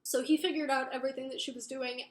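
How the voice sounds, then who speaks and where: A woman's voice: high-pitched, fairly even intonation, fast. A young woman casually recapping a book plot, rambling with lots of fillers and swearing. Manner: rambling, filler-heavy, profane. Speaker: book reviewer. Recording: roomy echo.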